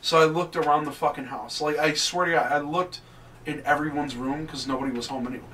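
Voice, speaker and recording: A young man co-hosting a podcast, telling a ghost story in animated, swear-heavy casual chat. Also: a little high, a little fast. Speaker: podcast co-host. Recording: distant mic with faint background noise.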